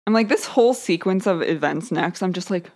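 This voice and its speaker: A woman co-hosting a podcast, chatting casually with quick reactions and disgusted asides. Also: fairly low pitch, animated, a little mellow. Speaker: podcast co-host. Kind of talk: casual chat.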